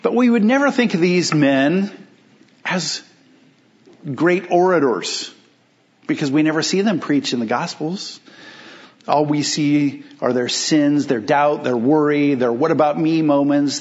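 Pastor, male, mid-high voice, emphatic preaching with rhetorical questions; muffled lo-fi sermon recording. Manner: emphatic, with rhetorical questions and slowed key phrases.

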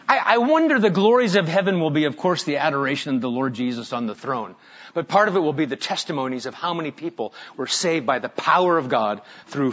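A male pastor delivers a sermon in a voice pitched a touch above the usual for a man. He tells stories dramatically, dropping to a near hush for scripture and then climbing back to loud emphasis. The recording is somewhat dull and lo-fi. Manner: dramatic storytelling, swinging from hushed to loud.

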